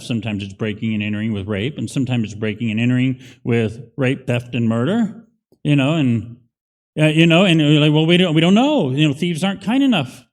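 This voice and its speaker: A male pastor preaching a conversational, emphatic sermon in a church. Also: fairly high pitch. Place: church sanctuary. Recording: long hall reverb.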